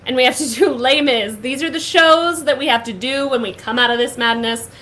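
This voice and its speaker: Bright-voiced gushing young woman host. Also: high-pitched, fairly quick, rough recording. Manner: gushing, upbeat, many "like" fillers. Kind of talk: casual chat.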